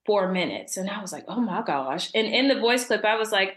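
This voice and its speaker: A young adult woman, a podcast guest, talking casually and warmly about faith and laughing often. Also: mid-range voice, expressive, a little fast, hardly any pauses, reverberant. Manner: warm, chatty, laughs often.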